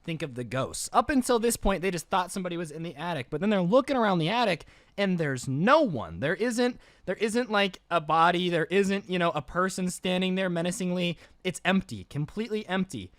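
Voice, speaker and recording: A man's voice: high voice, fairly quick, no room sound. A man telling a scary story in a casual storytime style, joking and slangy. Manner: animated, joking, slangy asides. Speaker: storytime youtuber.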